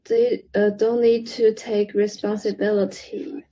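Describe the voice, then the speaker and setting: A woman learning a language, talking haltingly with many restarts and fillers over a video call. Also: mid-range voice, flat delivery, warm tone, muffled recording. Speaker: language student. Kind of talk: halting spoken practice.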